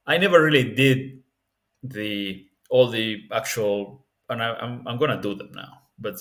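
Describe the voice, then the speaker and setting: A man's voice: medium pitch, fairly bright tone. A man giving a casual spoken tutorial on learning languages, candid and rambling, often restarting his sentences.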